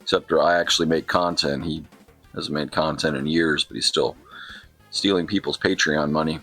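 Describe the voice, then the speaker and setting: A man's voice: rumbling low, fairly even intonation, moderate pace, fairly bright tone, husky, soft background music. A man hosting a retro gaming channel, rambling through casual gameplay commentary with sarcastic asides.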